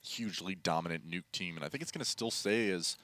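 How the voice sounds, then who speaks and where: A man's voice: sits low, fast talker, bright, forceful tone. A man casting a live esports match, thoughtful and full of fillers, speaking into a headset. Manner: analytical, hesitant with many fillers. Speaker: esports commentator. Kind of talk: live game commentary. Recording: game gunfire noise behind.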